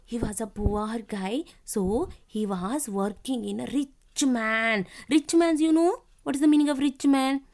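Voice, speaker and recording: A woman with an Indian English accent teaching a young children's class, reading a story aloud slowly and spelling out words letter by letter. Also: fairly high pitch, darkish tone. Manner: instructive, repeats directions to children. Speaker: schoolteacher.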